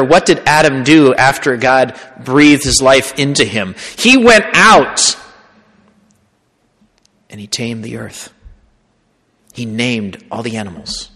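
Priest preaching in a reverberant hall. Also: male voice, mid-range voice. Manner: storytelling preacher, dramatic swings from loud to hushed. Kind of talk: sermon.

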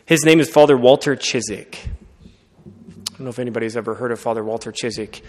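A man preaching a sermon, telling a story in an earnest, conversational way and often dropping to a soft voice. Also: medium pitch, fairly quick. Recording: long reverb of a large hall.

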